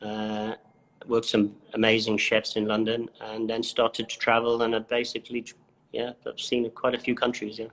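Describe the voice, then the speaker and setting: Flat-voiced man from the Isle of Man. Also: fairly low pitch, normal speed. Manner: relaxed, modest, many fillers. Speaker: chef, guest. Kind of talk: casual interview chat.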